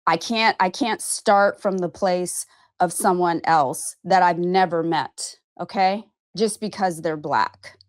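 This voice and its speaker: A woman's voice: on the low side, slow pace, dry recording, clean studio sound. A woman in her fifties from Arizona who talks frankly and emphatically to camera about her own life, with casual swearing and a repeated "okay?". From Arizona, USA. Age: 50s. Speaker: vlogger and podcast host. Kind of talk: candid personal monologue to camera.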